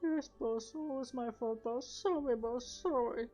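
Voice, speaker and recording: A woman's voice: on the high side, measured pace, mellow, pitched above the performer's own voice. A woman voicing a small, servile male goblin who pleads and apologizes, with dull audio and game music behind her. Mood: cowering.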